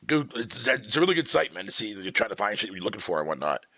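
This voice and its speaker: A gravelly man with a bright edge rants on a livestream, his pitch swinging widely as he swears through his complaints. The sound is dry and close, with no room around it. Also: fast, dry recording. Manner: profane, animated ranting with frequent laughter. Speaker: streamer. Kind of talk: casual livestream rant.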